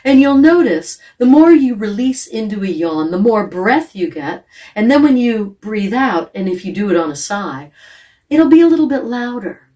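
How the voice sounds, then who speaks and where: Female voice coach, gentle guided warm-up, mellow tone, mic at a distance. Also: medium pitch, normal speed. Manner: calm, gentle, demonstrates sighs, yawns and hums. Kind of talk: guided vocal warm-up instruction.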